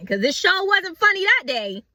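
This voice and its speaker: A woman's voice: very high voice, sing-song, moderate pace, pushed and bright, no room sound. A middle-aged woman telling a personal story in a casual storytime style, acting out her own past thoughts.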